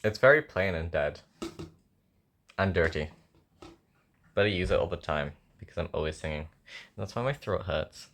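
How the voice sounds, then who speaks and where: This young songwriter's voice sits low with a fairly bright tone, expressive at a moderate pace and broken by frequent pauses. He's home with a sore throat, rambling casually, joking at himself and thinking aloud as he works on a song.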